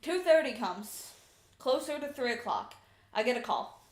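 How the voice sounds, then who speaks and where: A woman streamer telling a story in a casual, exasperated, animated way from her room at home. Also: fairly high pitch, moderate pace. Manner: chatty, exasperated, animated retelling. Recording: echoey room.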